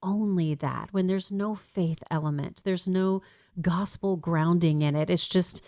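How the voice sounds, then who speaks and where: Middle-aged woman, American accent, radio host, lowish voice, dry studio sound, animated casual talk. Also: measured pace, no echo. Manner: animated, mimics ads in a sing-song voice.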